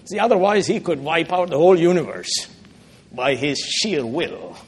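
A middle-aged man preaching a sermon, swinging from loud, pointed rebuke to hushed, quiet asides. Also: on the high side, expressive, moderate pace, a little hiss or hum. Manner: dramatic, swings from loud rebuke to soft murmurs.

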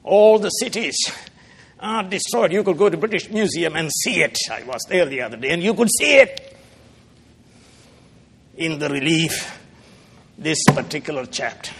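A middle-aged male preacher delivers a sermon in a slightly raised register. He rises into loud, pointed rebukes, then drops to soft, low-voiced asides. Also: animated, measured pace, long pauses, husky. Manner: dramatic, swings from loud rebuke to soft murmurs.

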